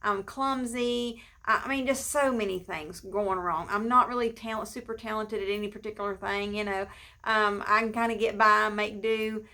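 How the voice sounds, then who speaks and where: Bright-voiced woman giving a devotional. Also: medium pitch, steady tone, moderate pace. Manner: conversational, repeats phrases for emphasis, frequent ums. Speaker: pastor's wife giving a devotional. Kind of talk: informal devotional teaching.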